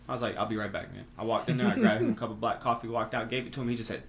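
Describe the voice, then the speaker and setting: A young man on a podcast, telling stories in an animated, slangy way with lots of swearing. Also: medium pitch, quick pace, a little hiss or hum. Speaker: podcast guest. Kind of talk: casual conversation.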